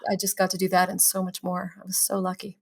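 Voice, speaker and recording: Speaking fast in a lowish voice with some vocal fry, this Canadian stage actress is an interview guest recounting stories from her musical theatre life. She gets animated, imitating the people she quotes and laughing along the way.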